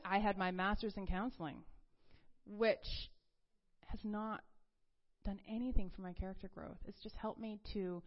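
A middle-aged woman who works as a counselor, speaking earnestly and confidingly about faith, her voice dropping soft and breathy at tender moments. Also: mid-range voice, steady tone, normal speed. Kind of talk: personal faith talk. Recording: slightly dull lo-fi recording.

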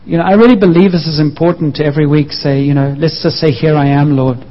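Speaking fast in a slightly high voice, a man delivers a sermon at church, earnestly and personally recounting his own experiences. The audio is muffled and echoes through the church hall.

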